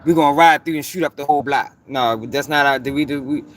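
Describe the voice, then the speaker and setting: A man's voice: fairly high pitch, fairly even intonation, fairly quick, a little hiss or hum. Profane, emphatic man ranting. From Baltimore. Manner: profane, emphatic, repeats points for stress. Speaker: commentary channel host. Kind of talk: heated commentary rant.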